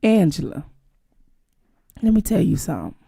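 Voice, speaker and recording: Female channel host, blunt and teasing live commentary; fry-edged voice, pitch on the higher side. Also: animated, a little slow, a bit bright. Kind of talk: live-stream commentary talking to viewers.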